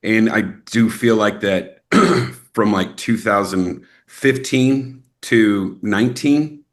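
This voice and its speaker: A young adult man from Texas, an actor guest in a casual interview, telling animated stories and acting out quoted people. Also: slow pace. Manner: animated storyteller, acts out quotes with rising pitch.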